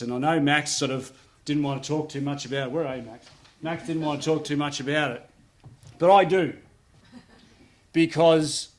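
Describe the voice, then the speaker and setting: A man with an Australian accent giving a conversational public speech as a politician, joking and using many fillers. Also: mid-range voice. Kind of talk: public speech at an outdoor opening.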